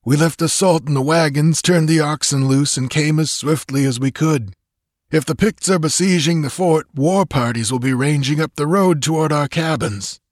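A man's voice: on the high side, normal speed, no room sound, studio quality, pitched above the performer's own voice, natural voice. A man voicing the stern leader of a band of frontier settlers, harsh and curt, raising his voice well above his own. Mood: urgent. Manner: curt, urgent.

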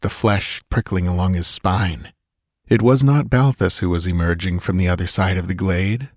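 A man narrating a sword-and-sorcery audiobook in a measured, steady storytelling manner. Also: low voice, no echo, studio quality. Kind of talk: scripted narration.

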